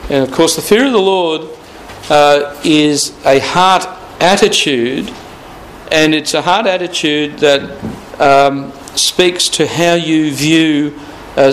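A man preaching a Bible teaching sermon, talking slowly and deliberately, repeating key phrases and drawing out scripture quotes. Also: on the high side, fairly bright tone, slight background noise, rough recording.

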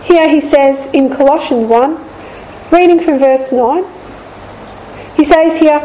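In a low-quality recording, a woman preacher with a high but gentle, soft-edged voice teaches the Bible slowly and deliberately. She repeats each key line, and faint room ambience hums in the background.

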